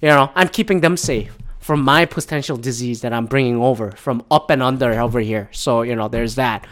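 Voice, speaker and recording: Recording at home in Michigan into a podcast microphone, this solo host has a brisk, slightly bright mid-range voice. His show is casual and rambling, full of swearing and frequent restarts.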